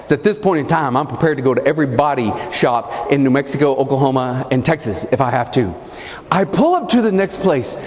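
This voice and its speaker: A man giving a humorous motivational speech as a keynote speaker, an animated storyteller with punchy comic timing, in a large event hall. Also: medium pitch, a little fast. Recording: echoey hall, faint room noise.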